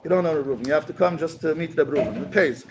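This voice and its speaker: A man's voice: fairly high pitch, fast talker, slight background noise, poor audio. A man giving a talk, telling a story at a community gathering and mixing in Yiddish and Hebrew words.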